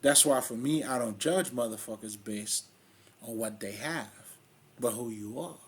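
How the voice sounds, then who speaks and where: Husky Haitian-accented man, blunt and profane. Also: mid-range voice, unhurried. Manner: blunt, profane, streetwise and emphatic. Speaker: spiritual video host. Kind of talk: casual spiritual monologue.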